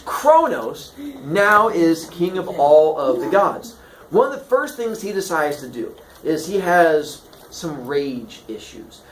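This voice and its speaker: A man tells old myths to a classroom as a comedy routine, and his pitch jumps all over the place. He slips in and out of put-on voices for the characters. His voice rings a little in a roomy space with faint background hum. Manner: animated, jokey, puts on voices for characters. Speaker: teacher telling myths to students. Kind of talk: comic storytelling lesson. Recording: echoey room.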